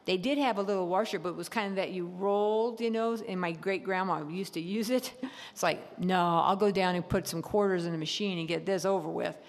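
A middle-aged woman preaching in a church, telling a personal story in an animated way, laughing and acting out her own thoughts. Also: fairly low pitch, a little fast. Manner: animated storytelling with laughs and acted-out inner voices. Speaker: speaker at a church service. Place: church hall. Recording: long hall reverb.

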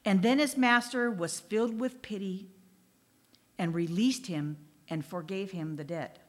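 A woman preaching a sermon in a lively, chatty way, reading scripture and exclaiming as she goes. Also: mid-range voice, measured pace.

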